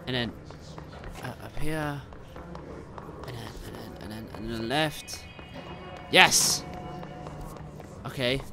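A young man commentating his gameplay casually, excitable, often swearing and yelling at enemies. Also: medium pitch, takes it slowly, long pauses, music in the background. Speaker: gameplay streamer.

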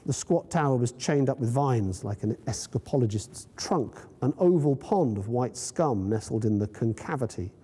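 A man reads his own story aloud in a university room, measured and vivid. His voice is very dark and husky, and a long reverb trails each phrase. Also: mid-range voice. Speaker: author reading his story. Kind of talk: literary reading. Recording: long reverb in a lecture hall.

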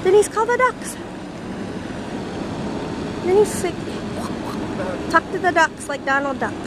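Mom filming her kid at the duck pond, super high sing-songy coaxing, loud outdoor noise and cars on the camcorder. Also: animated, slow. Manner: coaxing, sing-song encouragement to a small child. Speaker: mother filming her toddler. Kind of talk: home video chatter. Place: outdoors by a pond in cold weather. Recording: noisy outdoor home video, traffic nearby.

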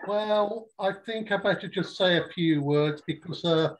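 A man's voice: high voice, measured pace, rough recording. Playful man with an English accent. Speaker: regular viewer. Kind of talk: casual video call chat. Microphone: video call.

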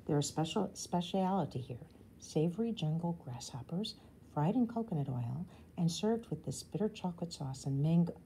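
Woman reading as cheerful grown man, annoyingly jolly, grinning, storybook voice, low and mellow. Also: expressive, moderate pace, a little hiss or hum. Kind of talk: storybook read-aloud.

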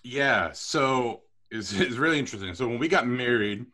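A middle-aged man telling stories about his career as a podcast guest, chatty and animated with self-deprecating humor. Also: medium pitch, moderate pace. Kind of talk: storytelling interview.

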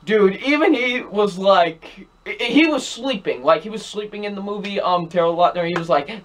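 An exasperated young man rants through a movie review, hammering the same points again and again. His voice sits fairly high for a man, and his talk is emphatic and repetitive. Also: very animated, normal speed, few pauses, a bit bright. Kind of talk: ranting film review.

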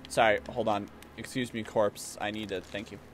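A man streaming a video game, chatting casually and jokingly, even talking back to the characters. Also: on the low side, moderate pace, slight background noise. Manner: playful, jokey, talks to characters. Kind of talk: casual gameplay commentary. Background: game music.

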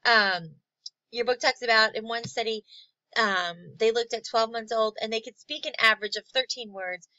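Woman lecturing, very bright higher voice, many ums and restarts, dry dull recording. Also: no room sound. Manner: frequent ums, halting restarts. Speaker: psychology instructor.

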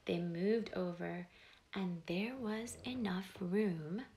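A woman slowly reading a picture book aloud to young children, pausing to ask them questions. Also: medium pitch, expressive, creaky. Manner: slow, gentle, asks the children questions. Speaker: storyteller host.

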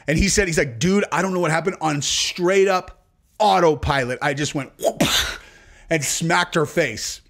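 A man in his forties hosts a podcast and tells a long, rambling story, swearing freely and bursting into laughter. His voice is a little higher than most men's, fairly bright, and at a normal speed, and he talks casually with many fillers.

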